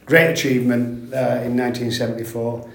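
A man's voice: mid-range voice, flat delivery, creaky. An older man, a former footballer talking candidly as an interview guest, rambling and restarting his sentences often. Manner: rambling, halting with frequent restarts and "mate". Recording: echoey room.

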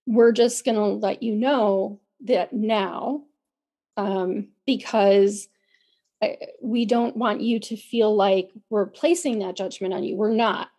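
A woman's voice: medium pitch, steady tone, slow, dark tone. A woman co-hosting a podcast, talking earnestly in a casual way, often restarting and repeating words, her voice a little worn as she loses it. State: losing her voice. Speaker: podcast co-host.

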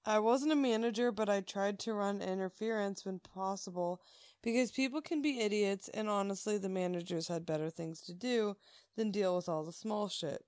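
With a mid-range voice at normal speed, this woman co-hosts a podcast and relates a story in easygoing chat. She performs the characters' voices with animation and laughs a lot, and the studio sound is clean with no echo.

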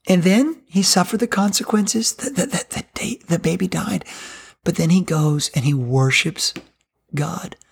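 A man's voice: high voice, husky. A middle-aged male pastor preaching a sermon in an earnest, conversational way.

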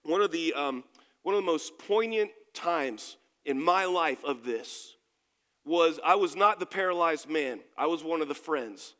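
A man's voice: fairly high pitch, lively intonation, measured pace, sharp tone, clean tone, long reverb tail. A man preaching a sermon as pastor, speaking emphatically and putting questions to his congregation. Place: church sanctuary.

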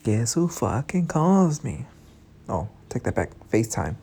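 A young man in his twenties tells a casual story in a low, mellow, gravelly voice with some husky grain. He is frank and profane and speaks straight to his listeners. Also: sing-song, unhurried. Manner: frank, profane, talks to the audience directly. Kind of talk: casual storytime, swearing freely.

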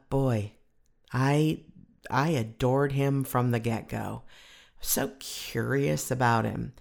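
A woman's voice: rumbling low, gravelly, darkish tone. A woman podcast host giving a recorded intro, speaking in a fond, reflective storytelling way.

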